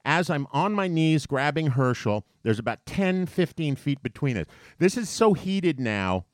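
A man telling a story in a casual chat, animated and profane, getting heated as he goes. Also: a little high, a little slow, no room sound, clean studio sound. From New York.

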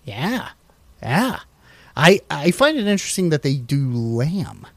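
A man co-hosting a casual chat, reading facts off slides in a relaxed, rambling way with many fillers and restarts. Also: on the high side, slow pace, no room sound. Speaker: podcast co-host.

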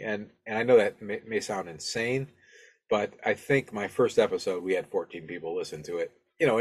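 A man's voice: lowish voice, husky. A man hosting a podcast, giving casual advice in a rambling, friendly, self-deprecating way with lots of fillers and restarts, into a podcast microphone. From Alabama, US. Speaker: podcast host.

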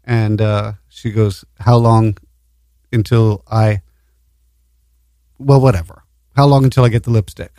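A man's voice: fairly low pitch, steady tone, measured pace, pauses often, warm tone, dry recording, studio quality. Joking man co-hosting a bawdy chat show. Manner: joking, runs drinking-game bits. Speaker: podcast co-host.

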